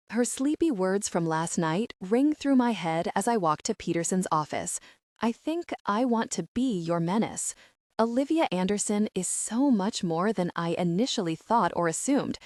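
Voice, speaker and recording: A woman reads a first-person romance audiobook in a steady, intimate way. Her voice sits at a middling pitch, recorded dry and close with no room sound. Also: no echo. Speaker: audiobook narrator. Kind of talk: scripted first-person narration.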